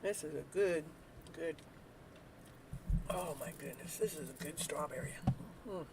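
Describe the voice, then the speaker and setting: A woman hosting a live tarot reading stream, chatting casually, joking and breaking into whooping cheers, then dropping to soft murmurs. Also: deep voice, measured pace, very noisy. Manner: talks softly while eating, then bursts out loud. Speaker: live tarot reader and show host.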